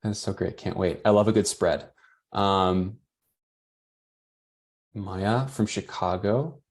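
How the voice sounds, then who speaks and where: A man's voice: sits low, slow. A man hosting and moderating an online webinar, chatting casually and reading out attendee comments as he goes.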